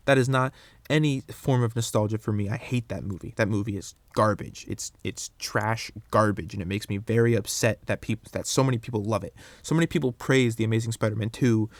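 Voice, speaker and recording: A young man hosting a solo podcast, rambling through his opinions in a casual, animated way with frequent restarts. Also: fairly low pitch, fairly quick, no room sound. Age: young adult. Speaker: podcast host.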